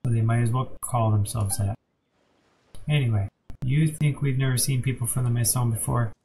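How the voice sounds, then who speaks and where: Gravelly man reading game dialogue. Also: medium pitch, fairly even intonation, normal speed, warm tone, a little hiss or hum, low-quality recording. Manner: reads every character himself with small slips and restarts. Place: home streaming setup.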